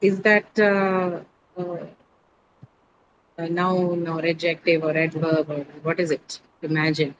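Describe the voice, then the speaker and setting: A woman's voice: sits low, flat delivery, slow pace, lo-fi sound, noisy background. A woman teacher lecturing an online English class, explaining step by step and correcting students patiently.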